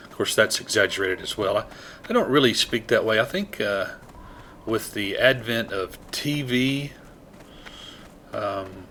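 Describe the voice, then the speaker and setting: A man's voice: lowish voice, lively intonation, a little slow, long pauses, bright, forceful tone, a little hiss or hum. Chatty rural Southern American man. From Southeast United States. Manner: rambling, self-deprecating, chatty. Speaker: gaming video host. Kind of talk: casual game commentary.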